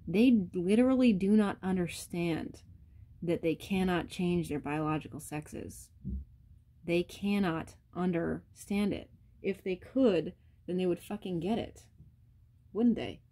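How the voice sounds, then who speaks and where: Lowish-voiced woman vlogging, blunt swearing rant, talks right at viewers. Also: unhurried, mellow. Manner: blunt, profane, ranting; addresses viewers directly. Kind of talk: casual rant to camera.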